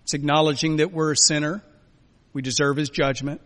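Male pastor preaching, emphatic, bright forceful voice, fairly high pitch, long church reverb. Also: steady tone, a little fast. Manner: emphatic, swings from loud exhortation to soft quiet lines. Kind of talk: sermon.

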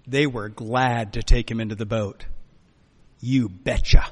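A man preaching a sermon as a pastor, emphatic, swinging between loud urging and quiet, soft lines. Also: medium pitch, fairly even intonation, unhurried, husky. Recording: long hall reverb.

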